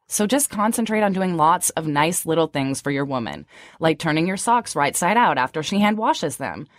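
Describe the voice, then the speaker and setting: A woman's voice: on the low side, dry recording, studio quality. A woman in her thirties co-hosting, moving between read-out summaries and loose chat full of "like" fillers. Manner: chatty, frequent "like" fillers when unscripted. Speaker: co-host. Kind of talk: scripted summary and casual chat.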